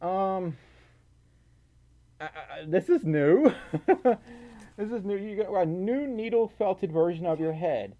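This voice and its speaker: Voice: medium pitch, animated, slow pace, pauses often, dull audio. A livestreamer chatting casually and reading out donations, often out of breath, giggling and stumbling over words.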